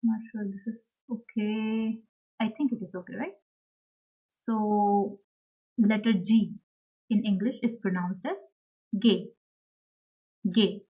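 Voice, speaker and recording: A woman walks beginners through a lesson very slowly, saying each word twice and pausing with fillers. Her voice sits mid-pitch. The recording is slightly dull and lo-fi. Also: fairly even intonation. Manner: slow and careful, repeats each word, fillers and small self-corrections. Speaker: language teacher. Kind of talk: slow beginner language lesson.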